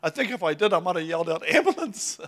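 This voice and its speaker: Lively New pastor, man. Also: a little high, rapid-fire. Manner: lively, excitable, laughs between lines. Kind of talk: sermon with storytelling.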